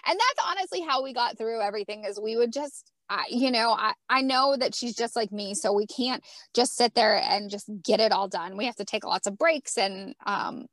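A woman's voice: fairly high pitch, normal speed, no echo. A woman in her thirties, a wrestler and guest, chatting casually and laughing often as she acts out what she said. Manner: lively, laughs often, acts out her own past remarks. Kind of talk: casual interview chat.

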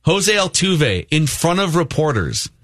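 A man's voice: on the high side, big pitch swings, unhurried, fairly bright tone, no room sound, clean studio sound. A man co-hosting a sports talk radio show, chatting casually and reading live ads in a conversational way.

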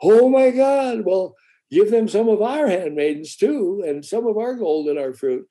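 A man voicing a grasping, excitable older village king who hands out urgent commands. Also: sits high, moderate pace, voice pushed up. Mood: alarmed.

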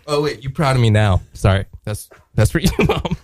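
A man co-hosting a comedic radio show, tossing off self-mocking lines between laughs. His voice is mid-pitched and recorded close and dry in a studio. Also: animated, normal speed, darkish tone, no room sound.

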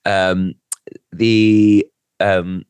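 Low-voiced man telling a rambling story. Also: little pitch movement, extremely slow, a little mellow, smooth, no room sound. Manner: rambling storyteller, self-mocking, trails off. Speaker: podcast co-host. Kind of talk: casual chat.

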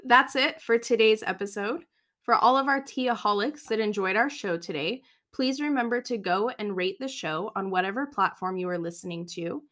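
A woman's voice: mid-range voice, normal speed, a bit bright. A woman co-hosting a podcast who laughs along with her partner and reads the show's closing lines. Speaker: podcast co-host. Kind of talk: casual chat and scripted show outro.

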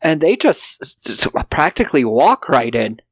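A man's voice: on the high side, sing-song, normal speed, husky, no room sound. A man co-hosting a casual film review podcast, swearing freely and acting out characters' lines as he recaps. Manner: profane, jokey, acts out characters' lines. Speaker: podcast co-host.

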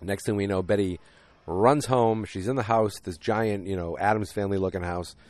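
Man, very low deep voice, casual TV recap, jokey rambling asides, dry close sound. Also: moderate pace, darkish tone, dry recording. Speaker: TV episode recapper.

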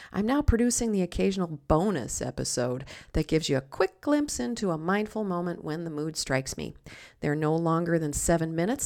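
Gravelly-voiced woman hosting a mindfulness show. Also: fairly low pitch. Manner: slow soothing guidance, dips to soft whispers. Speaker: podcast host, mindfulness coach and comedian. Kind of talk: guided meditation and comedy bit.

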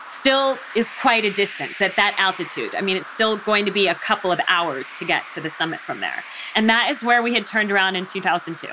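A middle-aged American woman, a mountaineer, speaks as an interview guest in a bright, forward, mid-range voice with slight background noise. She tells her story vividly, slipping into the voices of her own thoughts and of the people she quotes.

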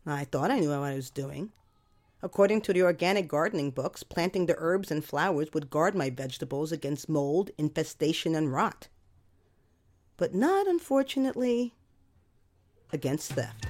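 A woman telling a first-person story in a wry, expressive way with dramatic emphasis. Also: lowish voice.

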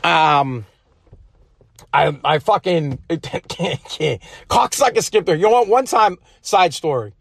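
A man's voice: on the high side, lively intonation, slow, vocal fry, husky, dry recording. A man from Massachusetts, hosting a podcast in a rambling, profane, combative rant. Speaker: podcast host. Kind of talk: casual political rant.

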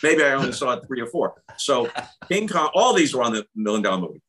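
Older male broadcaster guest, crisp bright tone, articulate anecdotes. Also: medium pitch, fast, low-quality recording. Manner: articulate, animated storyteller. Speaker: veteran sports broadcaster, guest. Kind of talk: casual interview storytelling.

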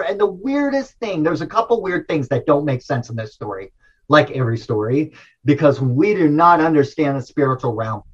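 Guy guest spinning a wild story, excited, lots of "dude" and restarts, kinda muffled recording. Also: a little high, normal speed. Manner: animated, slangy, restarts a lot. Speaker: interview guest. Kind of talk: casual storytelling.

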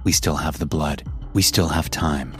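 Very deep-voiced man narrating horror. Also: fairly bright tone, faint music behind. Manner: tense, measured first-person narration.

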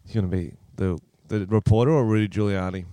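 A man's voice: fairly low pitch, steady tone, quick pace, dark tone, dry recording. A man with an Australian accent co-hosting a casual comedy podcast, joking around. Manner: joking, slips into silly put-on voices. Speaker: podcast co-host.

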